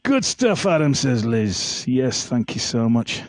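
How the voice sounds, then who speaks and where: Speaking slowly in a sing-song, mid-range voice, a livestream host chats and sings from his home setup of laptop and phone, reading out viewer comments as he goes. There's no room sound, and faint backing music plays.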